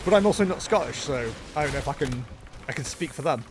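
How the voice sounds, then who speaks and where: A man's voice: a little high, lively intonation, quick pace, noisy background. A young man giving casual, jokey gameplay commentary as a streamer, chatting with his viewers. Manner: jokey, self-mocking, chatty with chat. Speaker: game streamer.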